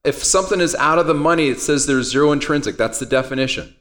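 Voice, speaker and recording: A man's voice: fairly high pitch, fast talker, fairly bright tone. A man teaching an options trading class, talking conversationally, quizzing the students and telling everyday stories. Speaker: trading instructor. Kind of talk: classroom lecture.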